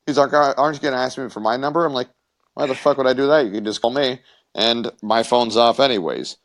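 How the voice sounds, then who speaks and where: A man's voice: mid-range voice, fast talker, fairly bright tone. A man co-hosting a casual podcast, telling a crude story in rambling bits with stammers and swearing. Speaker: podcast co-host.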